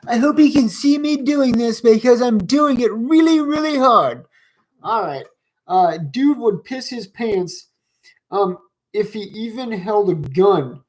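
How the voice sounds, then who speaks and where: A commentary vlogger rants in reaction to comments, profane, rambling, heated and mocking, full of fillers and restarts. His voice sits high, and the recording is rough.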